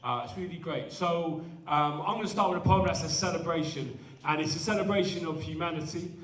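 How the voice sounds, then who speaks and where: A man's voice: on the high side, fairly quick. A man who performs spoken word poetry at a student event and jokes between poems. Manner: animated, self-deprecating between poems. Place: large indoor event hall. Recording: echoey hall, voice from a distance.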